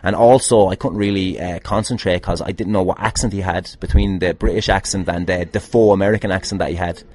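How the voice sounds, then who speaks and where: A somewhat low-voiced man talks through listener questions in a loose podcast monologue. He swears freely, mocks himself and breaks into laughing asides. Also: steady tone, a little fast, a little mellow. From Ireland.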